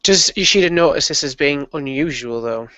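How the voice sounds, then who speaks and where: A man describes his character's actions in a tabletop game, halting and restarting often as he goes. The sound is dry and close, but slightly muffled. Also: a little high, animated, sharp tone, no echo. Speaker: player. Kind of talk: casual tabletop game talk.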